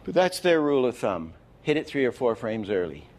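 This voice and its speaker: A man's voice: mid-range voice, sing-song, fairly quick, darkish tone, a little hiss or hum. A man giving an animation masterclass lecture, explaining with false starts and counting frames aloud. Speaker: animation teacher.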